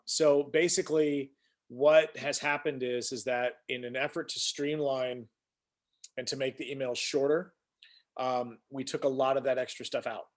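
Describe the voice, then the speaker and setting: A man hosting a casual weekly live stream, rambling as he greets viewers by name and shares news. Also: mid-range voice. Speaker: host.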